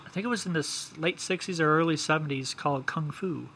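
A man's voice: a little high, fast, pushed and bright, breathy edge. A man co-hosting a podcast in casual chat, easygoing and hesitant, often repeating words. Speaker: podcast co-host.

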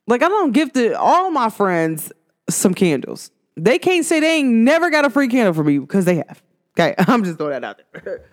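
Chatty young woman, animated podcast talk. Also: fairly high pitch, fairly quick. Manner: animated, chatty, laughs often, acts out quoted dialogue. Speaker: podcast host. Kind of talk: casual solo podcast talk.

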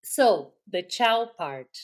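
A woman from Brazil with a Brazilian Portuguese accent, co-hosting a podcast in casual chat, telling lively stories, acting out quotes and laughing often. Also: medium pitch, very slow, crowd noise. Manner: animated storyteller, acts out quotes, laughs often. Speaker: podcast co-host.

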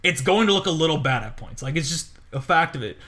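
Podcast co-host, male, tense and bright tone, casual and animated, lots of fillers. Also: on the high side, quick pace. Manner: rambling, animated storytelling with many fillers and laughs. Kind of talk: casual chat.

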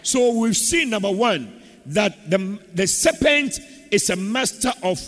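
A man's voice: high voice, sing-song, measured pace, a bit bright. A man preaching a sermon as pastor of a church and calling for amens from the congregation. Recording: echoey church hall.

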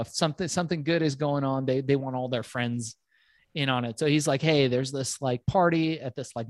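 A man recounts a wild anecdote on a podcast in a mid-range voice, animated and profane. The sound is dry and close, with no room echo around him. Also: medium pitch. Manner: profane, animated, quick laughs. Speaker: podcast guest. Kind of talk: animated storytelling.

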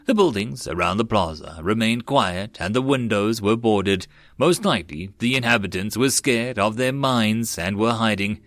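A man narrating a web novel audiobook in a steady storytelling manner. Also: on the low side, moderate pace, hardly any pauses, no room sound.

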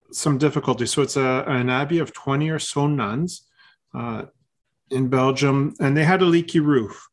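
A man co-hosting a casual podcast, talking in a relaxed, halting way with many restarts. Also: mid-range voice. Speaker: podcast co-host.

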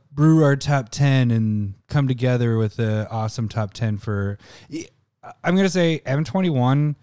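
A man's voice: mid-range voice, darkish tone, no room sound. A man co-hosting a podcast in casual chat, joking and laughing often. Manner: joking, laughs often, bits of silly voices. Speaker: podcast co-host.

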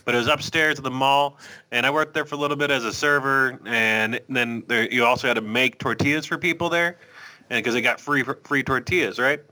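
A man's voice: mid-range voice, brisk, poor audio. A man in casual chat, telling a loose story full of "like" and "uh". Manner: relaxed storytelling with fillers.

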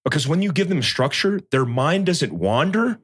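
Male guest, thirties, animated storyteller, close dry mic. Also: on the high side, normal speed, breathy edge, no echo. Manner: storytelling, animated, acts out quotes. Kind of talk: casual chat.

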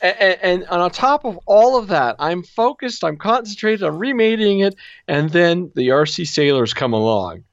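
A man talking in a casual podcast chat, halting and repeating words. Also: high voice, big pitch swings, no echo, muffled recording.

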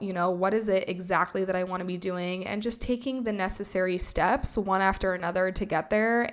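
Podcast host, woman, late 20s, smooth clear voice, chatty and heartfelt, mid-pitched. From San Francisco Bay Area, California. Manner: chatty, heartfelt, heavy use of "like". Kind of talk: casual solo podcast chat.

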